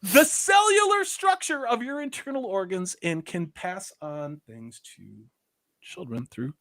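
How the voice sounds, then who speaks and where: A man hosting a livestream chat, rambling along and dropping sarcastic jokes. His voice sits a little high for a man. The sound is dry and close, with no room echo. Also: lively intonation, measured pace, pushed and bright. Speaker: livestream host reading chat.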